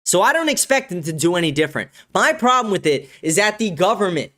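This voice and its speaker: A man's voice: high-pitched, very animated, fast, sharp tone. A man hosting a live-stream political commentary show, ranting angrily and swearing often. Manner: angry, profane ranting. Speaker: show host.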